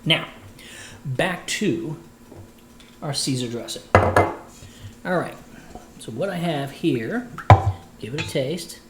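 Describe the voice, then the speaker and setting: A man's voice: a little high, lively intonation, slow, long pauses, echoey room, background noise. A man, a voice actor, chatting playfully with viewers while cooking on a livestream. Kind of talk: casual cooking livestream chat.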